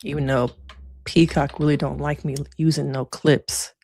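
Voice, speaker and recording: A middle-aged woman therapist talks frankly and casually on a livestream, slangy and quick to laugh. Her voice sits on the low side and sounds dry and close, with no room around it. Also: flat delivery, creaky, a little mellow, no room sound. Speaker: therapist reviewing reality TV.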